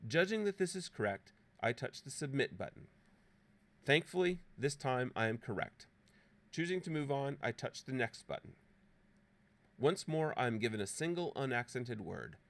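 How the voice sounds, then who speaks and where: A man demonstrates a teaching app in a scripted voice-over, playfully dramatic and full of theatrical exclamations. His mid-range voice is animated, creaky and a bit bright, at normal speed.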